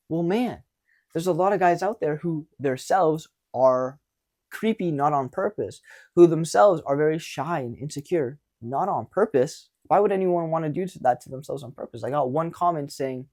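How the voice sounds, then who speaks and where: A young man coaching viewers on dating in a casual monologue, animated and blunt, with casual swearing. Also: fairly high pitch.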